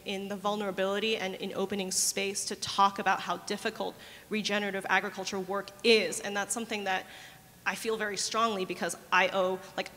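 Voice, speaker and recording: Bright-voiced, hesitant woman panelist. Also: mid-range voice, in a large hall. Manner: thoughtful, hesitant, with many fillers. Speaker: panel speaker. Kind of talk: conference panel talk.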